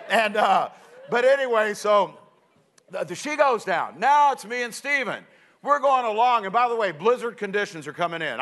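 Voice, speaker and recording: Male preacher, middle-aged, high-pitched, animated storyteller who acts out voices. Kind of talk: sermon illustration.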